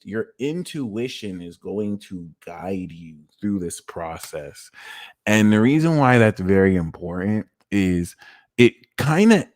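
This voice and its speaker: A young man doing a live tarot reading, telling stories in a casual, slangy way and now and then bursting into loud acted-out lines. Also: low-pitched. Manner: animated, slangy, swings into loud acted-out exclamations. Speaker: tarot reader.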